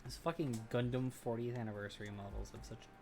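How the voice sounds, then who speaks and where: A woman's voice: a bass voice, fairly even intonation, quick pace, darkish tone, slight background noise. Swearing, ranting woman streamer. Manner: profane, ranting, jumps from outbursts to muttering. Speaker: livestreamer. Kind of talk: casual livestream chat while building a model kit. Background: background music.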